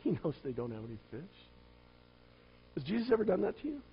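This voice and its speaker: A man preaching a sermon, firing rhetorical questions at the congregation and swinging between loud emphatic lines and quiet low asides. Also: huge pitch swings, a little fast, breathy edge. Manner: asks the listeners many rhetorical questions. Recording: dull lo-fi recording.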